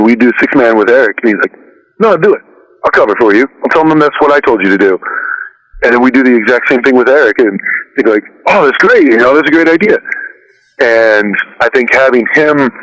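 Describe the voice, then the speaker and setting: A man as an interview guest, telling stories in a relaxed, rambling way with many fillers. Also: mid-range voice, poor audio. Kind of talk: casual storytelling interview.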